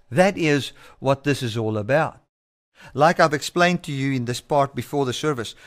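A male pastor delivering a sermon in a measured, emphatic way, repeating key phrases. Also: fairly high pitch. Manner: measured, emphatic preaching with repetitions.

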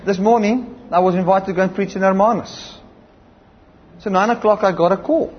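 Speaking at a moderate pace, this man has a high, slightly rough voice with fairly even intonation and a South African accent. His sermon features emphatic storytelling and calls of amen and hallelujah. The recording is lo-fi, a bit dull, and faintly noisy.

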